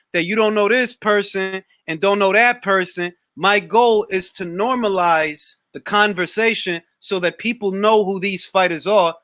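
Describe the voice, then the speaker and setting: Young male talk-show host, bright tense voice, dry close sound, loose slangy delivery with restarts. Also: sits high, no room sound. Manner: animated, slangy, repeats words when starting a thought. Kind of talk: casual live Q&A chat.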